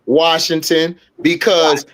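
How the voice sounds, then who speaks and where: A man co-hosting a casual sports talk show, ranting in an animated, profane way. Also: on the high side, slow pace. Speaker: sports podcast co-host.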